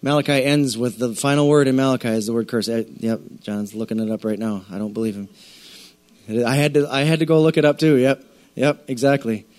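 A man preaching a sermon to a church congregation, animated and conversational, often acting out the voices of listeners. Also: medium pitch, a little fast. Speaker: pastor.

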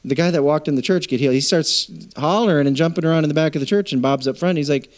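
Man preaching in church, casual and chatty, voice a bit on the high side. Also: fast. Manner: conversational, storytelling with quoted voices; addresses congregation directly. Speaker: pastor. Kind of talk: sermon.

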